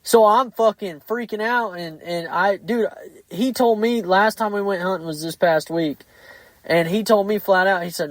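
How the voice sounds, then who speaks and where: A man hosting a casual podcast chat, blunt and heavy on profanity, telling animated stories. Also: sits high, moderate pace, no room sound, rough recording. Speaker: podcast host.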